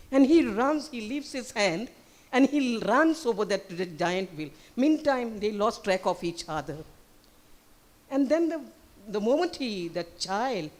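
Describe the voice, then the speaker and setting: A preacher tells a simple story and prays aloud, repeating phrases with emphasis. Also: medium pitch. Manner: repetitive, emphatic, restarts phrases. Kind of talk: sermon with a story, then spoken prayer.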